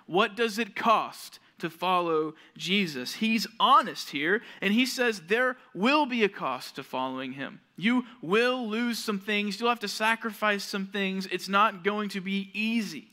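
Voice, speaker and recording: A young man, a youth pastor, giving a sermon to junior high students and telling a story with acted-out quotes. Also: bright, forceful tone. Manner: storytelling, acts out quoted voices.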